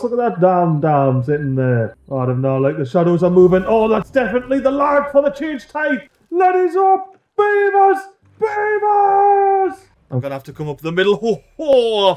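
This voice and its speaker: A man chatting excitably through a let's-play video and talking to his game characters. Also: high voice, brisk, few pauses, dull audio. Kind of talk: casual gameplay commentary.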